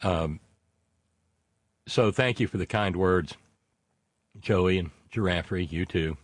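A man's voice: sits low, slow pace, no echo. A man hosting a casual political talk show, reading out listener messages in a rambling, sardonic way with many fillers.

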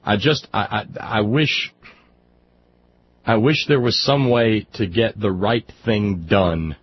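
A man's voice: on the low side, slow pace, slightly rough. A man in casual political chat, wry and articulate, stammering through restarts. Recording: dull lo-fi audio with faint hiss.

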